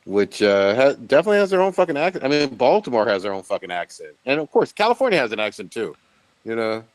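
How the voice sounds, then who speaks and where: Man, podcast co-host, casual chat, emphatic, heavy swearing, mid pitch. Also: big pitch swings, fast talker, dry recording.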